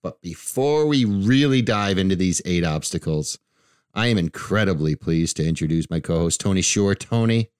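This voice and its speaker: A man's voice: low voice, lively intonation, moderate pace, a little mellow, smooth, dry recording, clean studio sound. A man hosting a financial radio show, talking in a chatty, loose way with frequent restarts. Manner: chatty, restarts often, laughs easily. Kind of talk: casual radio talk.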